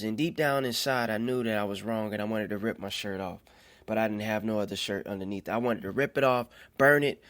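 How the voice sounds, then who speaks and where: A man's voice: lowish voice, fairly bright tone. Earnest man telling a faith story. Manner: earnest, halting, repeats phrases. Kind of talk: personal faith testimony.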